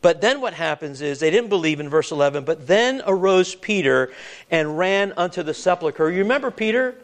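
A man's voice: high voice, animated, normal speed. A man preaching a sermon, earnest and conversational, often restarting his words and asking the congregation questions.

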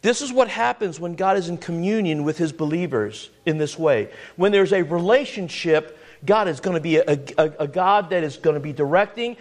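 A man preaching a sermon, repeating words as he builds to emphatic points and reading scripture aloud in old-fashioned wording. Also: a little high.

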